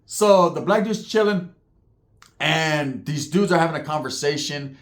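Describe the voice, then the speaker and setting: A man's voice: fairly high pitch, measured pace. Streetwise man telling a story. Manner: streetwise, profane, frequent "right?" asides. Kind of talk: casual spoken storytelling.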